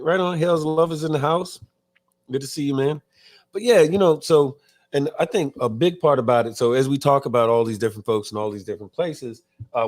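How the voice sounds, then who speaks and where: A man co-hosting a live online biker talk show, chatting loosely, reading viewer comments aloud and cursing casually. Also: mid-range voice. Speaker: podcast co-host. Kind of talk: casual live-stream chat.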